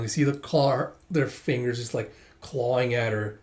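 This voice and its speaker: A man reading a manga aloud, chatty and casual, narrating the panels with quick asides. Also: medium pitch. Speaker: manga reader. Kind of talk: casual comic readthrough.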